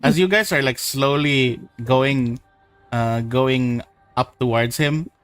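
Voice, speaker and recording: A man's voice: medium pitch, slow pace, fairly bright tone, smooth, dry recording, faint music behind, poor audio. A man running a tabletop game as game master, describing scenes in a rambling way with many restarts. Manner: rambling, full of likes and restarts.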